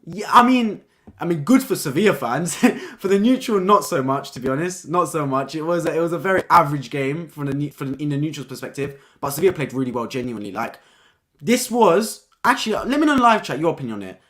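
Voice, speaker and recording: On a live-stream football review, a young host speaks a little high and fairly quick. He's excited and casual, going over his points again and capping lines with "man."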